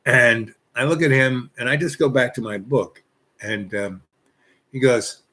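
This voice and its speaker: A man's voice: mid-range voice, measured pace, bright, forceful tone. A man telling a casual anecdote, rambling and filling his sentences with "you know" and restarts. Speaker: storyteller.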